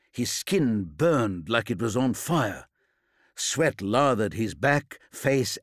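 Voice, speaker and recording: A man reading an audiobook aloud in a measured, scripted narration style. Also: mid-range voice, no room sound, studio quality.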